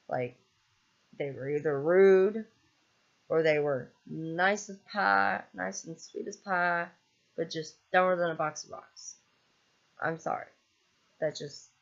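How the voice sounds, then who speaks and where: With the high frequencies cut off, this recording captures an exasperated vlogger in a medium-pitched voice. The rant is casual and rambling, packed with ums and free swearing.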